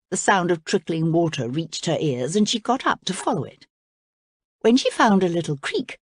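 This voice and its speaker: A woman reading a children's story aloud in an expressive, lively way. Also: fairly low pitch, no echo, studio quality. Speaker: storybook reader.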